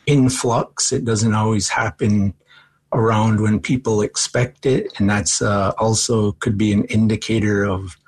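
A man with a husky, slightly low voice speaks in an interview about training future foresters. He talks in a thoughtful, measured way and pauses often with ums and uhs. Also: steady tone. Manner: thoughtful, measured, frequent fillers. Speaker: college forestry educator. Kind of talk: interview answers.

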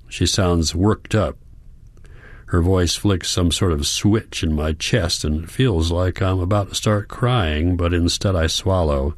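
A man calmly narrating a first-person audiobook in a measured way. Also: low-pitched, no room sound.

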